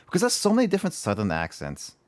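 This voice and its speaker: A man's voice: on the high side, wildly swooping pitch, fast talker. A man streaming a video game, chatting casually and rambling, often repeating his words. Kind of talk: casual gaming livestream chat.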